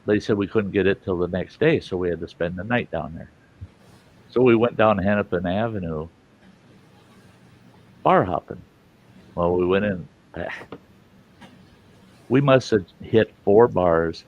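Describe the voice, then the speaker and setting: A man with a low, gravelly voice spins a rambling, salty story in an easygoing, chuckling way. He sounds like a show host recounting a bar tale. The recording is dull and lo-fi. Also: moderate pace, long pauses. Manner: rambling, profane, chuckling yarn-teller. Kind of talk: casual spoken anecdote.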